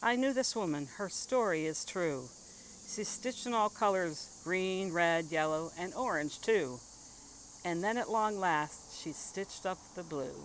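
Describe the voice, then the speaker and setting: A woman's voice: on the low side, measured pace, slight background noise, rough recording. Woman reading rhythmic spoken-word poetry. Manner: rhythmic, rhyming delivery. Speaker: poet.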